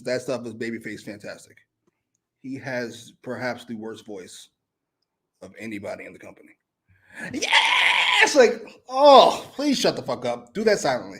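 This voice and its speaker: A man's voice: medium pitch, a little mellow. A man co-hosting a wrestling review podcast, giving blunt, profane opinions in casual chat. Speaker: wrestling show co-host.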